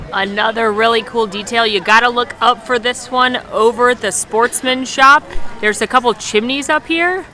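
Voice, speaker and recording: A woman's voice: mid-range voice, background noise. A woman hosting a casual walking-tour vlog outdoors at a theme park, chatty and upbeat, joking and correcting herself as she goes. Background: music.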